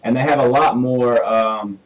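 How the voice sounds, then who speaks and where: A man from Alabama with a Southern accent, hosting a radio interview in a rambling, excitable, laughing way. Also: mid-range voice, a little slow, distant mic, poor audio. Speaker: radio show host. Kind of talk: casual interview chat.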